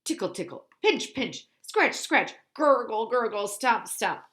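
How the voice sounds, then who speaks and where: A woman voicing a big, bad, hungry male bully bug from a storybook, growling and boasting loudly. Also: a little high, expressive, a little slow, pitched above the performer's own voice. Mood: menacing.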